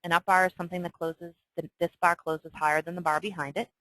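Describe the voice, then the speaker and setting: A woman talks through a trading chart as a lesson, with a bright, forceful voice that sits a little low. She keeps asking "okay?" and breaks into excited asides. The recording is dry and close, with no room sound. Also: fast, no room sound, poor audio. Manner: chatty, frequent "okay?" check-ins, excitable asides. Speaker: trading instructor. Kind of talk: screen-share lesson walkthrough.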